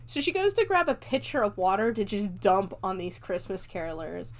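Woman, movie reviewer, relaxed profane recap, laughs a lot, mid pitch. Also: normal speed, few pauses. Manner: loose and profane, laughs often, jokes along.

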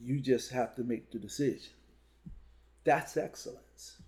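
A man's voice: mid-range voice, unhurried, a little mellow. A man who speaks at schools, talking in a podcast chat with punchy repeated lines and storytelling. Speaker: motivational speaker. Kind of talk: podcast conversation.

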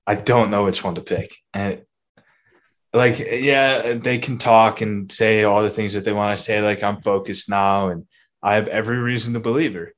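Low-voiced young man, relaxed. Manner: relaxed, hesitant, thinks aloud. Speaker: podcast co-host. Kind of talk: casual chat.

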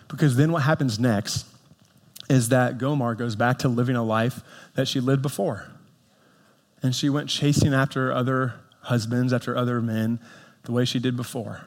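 Male pastor, casual sermon delivery, higher-pitched voice, long reverb of a church hall. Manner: conversational preaching with asides and scripture reading. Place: church sanctuary.

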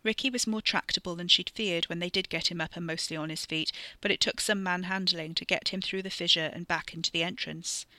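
A woman narrating her own dark fiction podcast in a measured, even reading. Her voice is slightly low yet bright and forward. It is recorded close and dry, with no room sound. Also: no room sound. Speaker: podcast storyteller.

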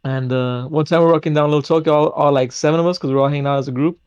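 A man's voice: a little high, fairly even intonation, racing, darkish tone, smooth, no echo, muffled recording. A young man hosting a podcast, telling a story in a rambling, casual way full of fillers and swearing. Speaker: podcast host. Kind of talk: casual chat.

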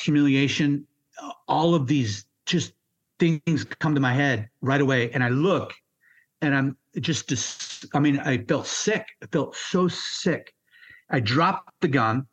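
A man in his fifties, a military veteran being interviewed, telling his story in a raw, halting way and swearing freely. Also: mid-range voice, a bit bright, slightly rough. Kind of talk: candid personal storytelling.

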